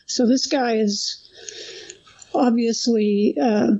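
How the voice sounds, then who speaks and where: Mellow, chatty woman, slightly muffled. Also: fairly high pitch, steady tone, takes it slowly. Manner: chatty, giggly, trails off mid-sentence. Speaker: podcast co-host. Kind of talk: casual film discussion.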